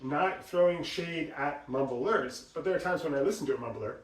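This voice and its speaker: A man teaching voice exercises, explaining and acting out examples in an animated way. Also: fairly high pitch, moderate pace. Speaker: voice coach. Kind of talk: instructional talk with demonstrations. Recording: roomy sound, mic at a distance.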